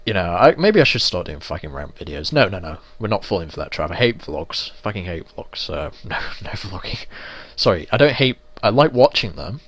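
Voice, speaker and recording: A man's voice: low voice, very animated, fairly quick, fairly bright tone. A young man from England giving casual, sweary, ranting commentary while playing a video game. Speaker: let's play gamer.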